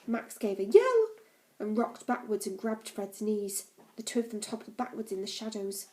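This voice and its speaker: Female audiobook reader, calm storytelling, mid-pitched mellow voice. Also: moderate pace, rough recording. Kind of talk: reading a novel aloud.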